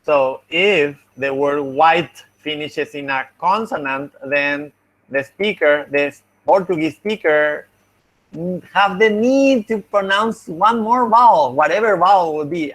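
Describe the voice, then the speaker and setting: Male teacher, young, slightly high voice, slow, patient explainer; going over exam answers. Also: fairly bright tone. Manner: patient, explanatory, thinks aloud. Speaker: linguistics teacher. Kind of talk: online class feedback lecture.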